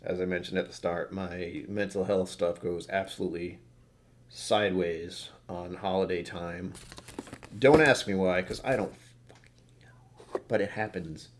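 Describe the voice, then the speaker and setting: A man's voice: low-pitched, fairly even intonation, measured pace, slight background noise. A tired man casually rambling through whisky tasting notes, self-deprecating and swearing now and then. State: tired from poor sleep. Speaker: whisky reviewer.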